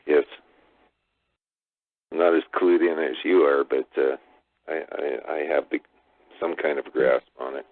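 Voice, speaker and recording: A man's voice: very deep voice, fairly even intonation, measured pace, pauses often, no room sound. A man hosting a call-in talk show, giving laid-back, brief replies to his caller. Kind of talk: casual call-in chat. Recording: dry tinny phone-like sound.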